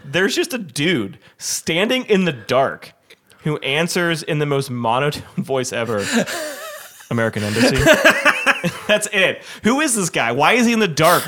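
A man co-hosting a podcast, recapping a movie in casual chat, animated and incredulous as he tells it. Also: a little high. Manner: animated, incredulous storytelling with frequent laughs. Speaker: podcast co-host.

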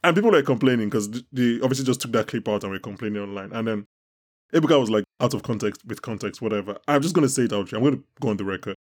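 In a racing, animated delivery, a man with a mid-range, darkish-toned voice hosts a casual podcast chat. He laughs a lot and keeps restarting what he's saying.

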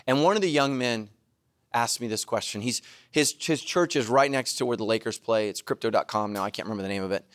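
With a mid-range voice and a fairly quick delivery, a middle-aged man preaches as pastor. He jokes, laughs at himself, and interrupts with loud shouted asides.

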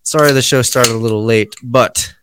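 Excitable man hosting a podcast. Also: mid-range voice, normal speed, background noise. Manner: excitable, breathless, trails off quietly. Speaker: podcast host. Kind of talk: casual podcast chat.

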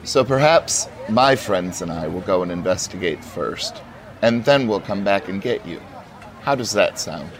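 Low-voiced guy in a tabletop game, swoopy, calm and kinda patronizing. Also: measured pace, a crowd in the background. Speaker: player. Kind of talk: in-character tabletop role-play.

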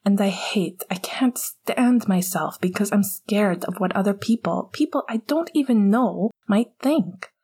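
A woman voicing an anxious, apologetic young male hockey captain in a whispered role-play, with a breathy, pleading tone. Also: mid-range voice, unhurried, hardly any pauses, mellow. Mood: hushed pleading.

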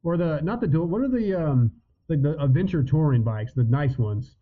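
A man's voice: on the high side, lively intonation, moderate pace. A man as a podcast guest, loose and hesitant, swearing casually. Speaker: guest, motocross media personality. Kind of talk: casual chat. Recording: phone-like remote line.

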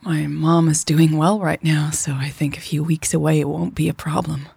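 A woman voicing a thoughtful young woman in sales, speaking in a low, measured way. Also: flat delivery, gravelly, a little mellow, slightly rough, no echo, full character voice. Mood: reflective.

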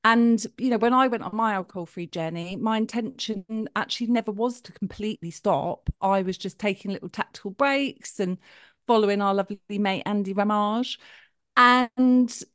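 A middle-aged woman co-hosting a podcast, chatting in an animated way and laughing easily. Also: medium pitch, moderate pace, clean tone, dry recording, clean studio sound. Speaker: podcast co-host. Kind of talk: casual chat.

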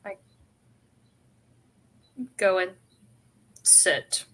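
A woman player in a tabletop game who talks slowly and haltingly, with fillers. Her voice is bright and clear. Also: on the low side. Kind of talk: casual tabletop game play.

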